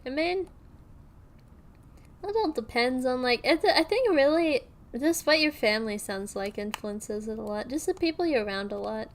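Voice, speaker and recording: A woman's voice: high voice, lively intonation, moderate pace, a little hiss or hum. A young woman streaming, chatting casually and rambling with lots of fillers and restarts.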